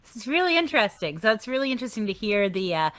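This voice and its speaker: A woman with a Southern American accent hosting a radio show, chatting warmly and gushing about the music with frequent laughs. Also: medium pitch, big pitch swings, very fast, no room sound. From Southern United States. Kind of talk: casual radio show chat.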